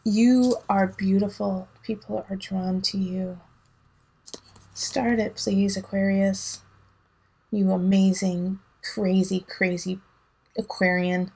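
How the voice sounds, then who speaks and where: A woman's voice: mid-range voice, flat delivery, slow pace, gravelly, darkish tone, breathy edge, poor audio. A woman giving a casual tarot reading, emphatic and teasing, laughing often, with a son at home. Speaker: tarot reader.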